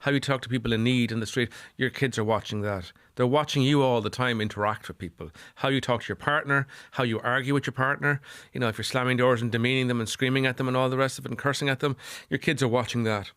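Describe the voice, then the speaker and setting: A man's voice: medium pitch, steady tone, fast talker, hardly any pauses, fairly bright tone, clear, resonant tone, no room sound, studio quality. A middle-aged Irish man speaking as a psychotherapist guest on a podcast, earnest and repeating phrases for emphasis. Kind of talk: podcast interview.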